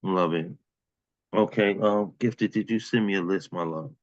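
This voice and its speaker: Man, open mic host, casual affectionate emcee, deep voice, dry muffled call audio. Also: a little slow, no room sound.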